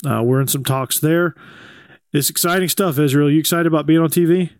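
Male co-host, gravelly voice, dry close sound, loose conversational delivery. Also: a little high, a little fast, dry recording. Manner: laid-back, rambling, reads ads conversationally. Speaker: podcast co-host. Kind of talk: casual chat.

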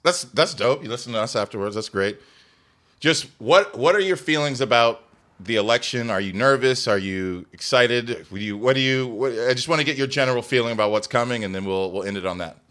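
A man hosting a podcast, joking around in an animated, profane way. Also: medium pitch, brisk. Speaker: podcast host. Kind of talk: casual podcast chat.

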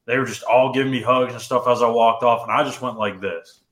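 A young man co-hosting a podcast, telling a personal story in casual chat, animated and full of "dude" and "like". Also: medium pitch, fairly quick, roomy sound. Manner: animated, says "dude" and "like" often. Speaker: podcast co-host.

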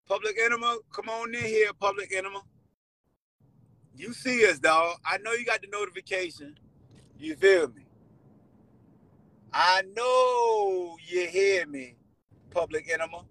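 A man hosting a sports call-in show, loud and playful as he trash-talks. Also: high voice, big pitch swings, a little slow, creaky, long pauses. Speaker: host.

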